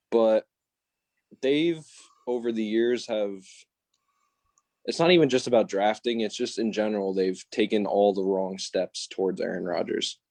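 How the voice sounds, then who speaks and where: A man's voice: on the low side, a little mellow, no echo. A young man on a sports podcast, hesitating often and filling his points with "like" as he argues. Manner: hesitant, restarts often, many "like"s. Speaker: podcast co-host. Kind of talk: casual sports debate.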